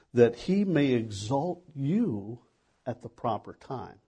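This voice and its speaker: Male preacher, slow conversational sermon, dark mellow tone. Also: mid-range voice, very animated, husky. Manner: conversational preaching with rhetorical questions. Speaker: pastor.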